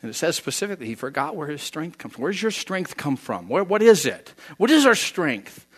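A man preaching a sermon, animated, acting out quoted voices and swinging from loud to soft. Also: fairly high pitch, a little fast, husky. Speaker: pastor.

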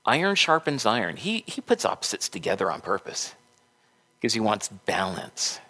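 Slow-talking man preaching a sermon. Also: on the low side, sing-song, bright, forceful tone, breathy edge. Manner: folksy storytelling, conversational preaching. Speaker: pastor.

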